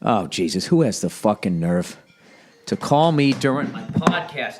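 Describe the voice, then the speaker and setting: A middle-aged man hosts a solo comedy podcast from a home office with some echo, using studio headphones and a recorder, with background noise audible. He has a cough and rants profanely, slipping into mocking put-on voices, his mid-range voice a little slow with big pitch swings.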